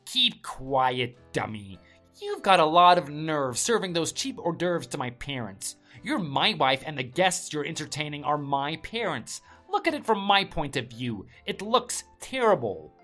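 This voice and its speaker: A woman's voice: low-pitched, very animated, a little slow, fairly bright tone, soft background music, exaggerated voice. A woman voicing an arrogant, contemptuous young husband who sneers and scolds his wife. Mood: scolding. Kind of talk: story drama voice acting.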